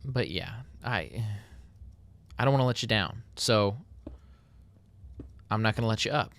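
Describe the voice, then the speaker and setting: A man's voice: fairly low pitch, lively intonation, measured pace, a bit bright. A man casually narrating his building game, chatty and self-mocking. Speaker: Minecraft YouTuber. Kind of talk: casual gameplay commentary.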